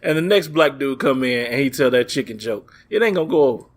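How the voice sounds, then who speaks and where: A man's voice: medium pitch, lively intonation, fast talker. A man co-hosting a podcast, throwing in joking remarks during casual banter. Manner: joking interjections. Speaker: podcast co-host.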